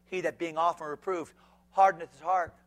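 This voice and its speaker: A man preaching as pastor to a youth group, shouting one moment and dropping to a hush the next, firing rhetorical questions at his listeners. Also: a little high, little pitch movement. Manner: swings between shouting and hushed near-whispers; asks the audience rapid rhetorical questions.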